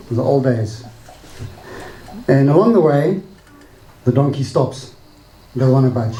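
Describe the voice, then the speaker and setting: Man giving a wedding speech, mellow. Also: mid-range voice, reverberant, slight background noise, poor audio. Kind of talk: wedding speech with a joke and a recited poem. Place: wedding reception hall.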